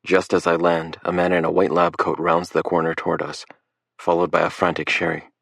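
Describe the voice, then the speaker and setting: Deep-voiced male narrator, measured first-person read, dry close recording. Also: monotone, gravelly, fairly bright tone, no room sound. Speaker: audiobook narrator.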